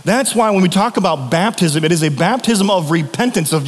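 A man's voice: high voice, lively intonation, a little fast, few pauses, big-room sound. A man preaching a sermon as pastor, telling stories in a loose conversational way with frequent restarts.

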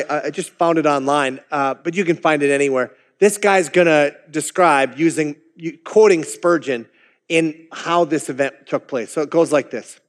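A pastor delivers a sermon in a loose, chatty way, breaking off for wry asides and little laughs. His voice is fairly high for a man. The room gives it a long, lingering reverb. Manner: conversational, with chuckling asides.

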